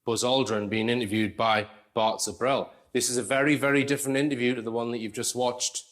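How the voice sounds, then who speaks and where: A man's voice: mid-range voice, fairly even intonation, brisk, fairly bright tone. A man presenting an analytical commentary in a conversational way, explaining with asides.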